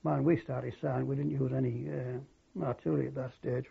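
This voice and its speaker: An older man recalling his wartime service in an oral history interview, halting and reflective, with many fillers and restarts. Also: mid-range voice, flat delivery, creaky, husky. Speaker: war veteran interviewee. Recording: dull lo-fi recording.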